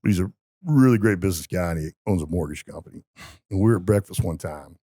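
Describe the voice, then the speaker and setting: A man's voice: low-pitched, fast talker, warm tone, no echo, clean studio sound. A man telling stories in a casual podcast conversation, emphatic and motivational. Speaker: podcast guest.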